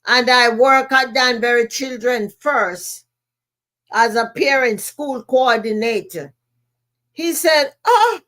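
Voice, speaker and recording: A woman's voice: high voice, a bit bright. A woman with a Jamaican accent, a podcast host and motivational speaker telling a personal story in an emphatic way, repeating key phrases.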